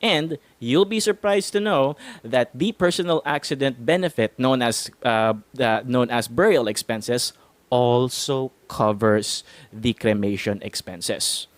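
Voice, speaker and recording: A man's voice: medium pitch, a little slow, dry recording. A man hosting an explainer talk, chatty and laughing between points, with a sing-song stress on some words. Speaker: host. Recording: music playing under the voice. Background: hip hop music.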